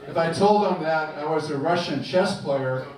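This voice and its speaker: A man's voice: fairly high pitch, normal speed, crowd noise. An older man performing a self-deprecating stand-up comedy set on a club stage, with a dry delivery. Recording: echoey club with far mic and loud noise.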